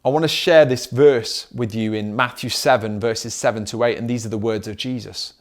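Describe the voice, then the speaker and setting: A man's voice: medium pitch, steady tone, moderate pace. A middle-aged man preaching a sermon as pastor, driving his points home with repeated questions. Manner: emphatic preaching with rhetorical questions.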